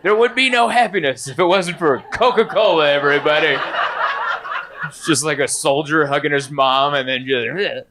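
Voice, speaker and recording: A young man performing a stand-up comedy set, telling a rambling, animated story with lots of fillers. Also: on the high side, moderate pace, noisy background.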